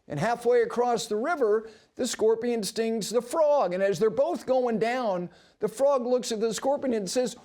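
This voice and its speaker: A man with a very high-pitched voice hosts a televised golf talk show from a broadcast studio, speaking at normal speed with hardly any pauses. An animated storyteller, he tells stories and makes emphatic points with emphatic asides in the style of sports commentary.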